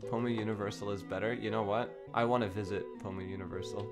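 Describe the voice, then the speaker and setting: A young man streaming a game in a casual, giggly way, thinking aloud and chatting excitedly with his viewers. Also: on the low side, quick pace. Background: faint background music.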